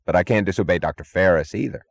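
A man's voice: deep voice, lively intonation, quick pace, vocal fry, no echo, full character voice. A man reading an audiobook, voicing a frightened male guard who stammers and pleads in a whine. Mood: pleading, panicky.

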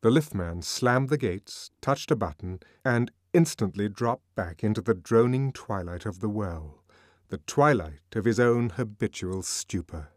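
A man narrating a novel as an audiobook, in an expressive, measured reading. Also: on the low side, dry recording, clean studio sound.

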